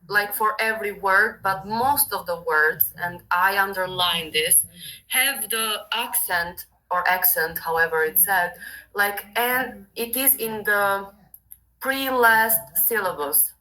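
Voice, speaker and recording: A woman's voice: mid-range voice, slow pace, sharp tone, rough recording. A woman with an Italian accent, a native Italian speaker, patiently teaching and correcting pronunciation in a casual online lesson. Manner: patient, correcting, explains with hesitant English. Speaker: Italian tutor.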